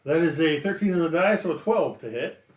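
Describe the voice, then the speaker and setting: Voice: medium pitch, animated, a little fast, noisy background. A player in a tabletop game, wry, narrating their character's actions. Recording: echoey room.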